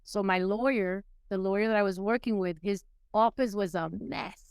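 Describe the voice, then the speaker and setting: A middle-aged woman from Puerto Rico, raised in New York City, telling her life story as a podcast guest in a lively way, acting out the people she quotes. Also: moderate pace, smooth, no echo. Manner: animated, acts out quoted people with rising pitch. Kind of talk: casual storytelling interview.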